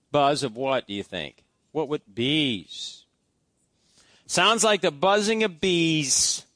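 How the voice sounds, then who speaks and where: A man's voice: fairly high pitch, a bit bright, no room sound, clean studio sound. A man preaching a sermon in a church, talking in a conversational way and asking the congregation questions. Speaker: pastor.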